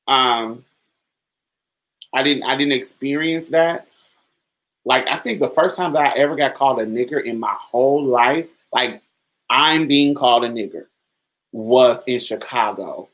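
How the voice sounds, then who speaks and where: A podcast host speaking in a casual, loose monologue, telling personal stories in a candid, colloquial way. The voice sits at an ordinary middle pitch, and the delivery comes across as relaxed and off the cuff. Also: rough recording.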